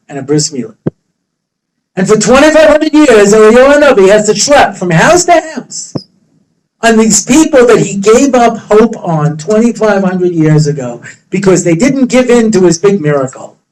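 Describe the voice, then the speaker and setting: A man's voice: high-pitched, sing-song, moderate pace, a little mellow, rough recording. A man, a rabbi, telling a story in a lecture with humor, acting out the characters' voices. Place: study hall.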